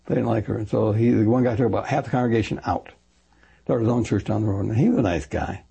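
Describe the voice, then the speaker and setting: An older retired pastor talks fast and at length in an interview. His voice is gravelly, husky and dark. He rambles, corrects himself and acts out the people he quotes. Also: fairly low pitch, lo-fi sound. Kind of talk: interview storytelling.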